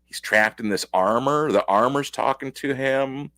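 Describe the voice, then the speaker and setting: A man's voice: mid-range voice, measured pace, sharp tone. A man giving a casual, rambling comic book review, enthusiastic and packed with fillers.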